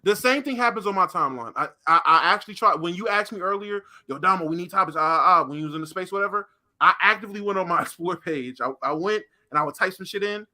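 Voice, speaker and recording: A man's voice: high voice, animated, fast, pushed and bright. A man co-hosting a podcast, ranting emphatically and swearing often in casual chat. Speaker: podcast co-host.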